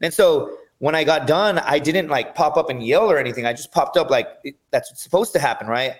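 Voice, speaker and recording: A man guesting on a podcast, telling his fighting stories in an energetic, profane, rambling way. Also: on the high side, a little fast. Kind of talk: casual storytelling chat.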